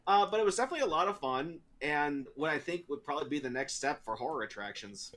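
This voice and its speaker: A man's voice: on the high side, fast. A man co-hosting a casual talk show, telling a story with frequent laughs. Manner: animated storyteller, laughs often. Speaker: podcast co-host. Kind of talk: casual chat.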